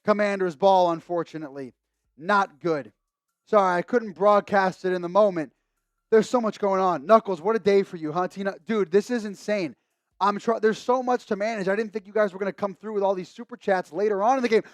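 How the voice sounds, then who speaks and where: A young man hosting a live sports stream, chatting casually about the game and shouting with excitement at big moments, a little hoarse from losing his voice. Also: high-pitched, brisk, dry recording. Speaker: sports livestream host. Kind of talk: live game commentary and chat. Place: home streaming setup with a monitor.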